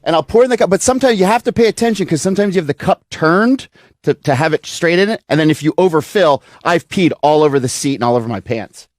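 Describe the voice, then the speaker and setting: A man's voice: a little high, animated, quick pace, no room sound. A man on a radio show, casually and matter-of-factly describing crude habits. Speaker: show staff member. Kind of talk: radio banter.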